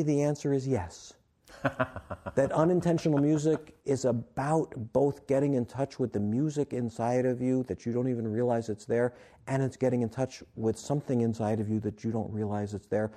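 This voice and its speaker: A man, an author and guest on an interview show, telling a story at length and acting out the quoted lines. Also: medium pitch. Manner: animated storyteller, acts out quotes.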